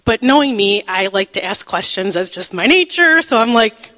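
A woman teaching the Bible through a personal testimony, emotional and halting, with many fillers and restarts, and breaking into laughter at times. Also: medium pitch, expressive, pushed and bright, big-room sound, low-quality recording.

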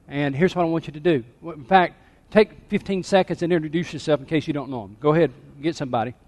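A man preaching a sermon as pastor, dropping to a hush and then rising to emphatic points. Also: on the high side, fast talker, in a large hall. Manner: dynamic, drops to a hush then rises to emphatic. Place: church sanctuary.

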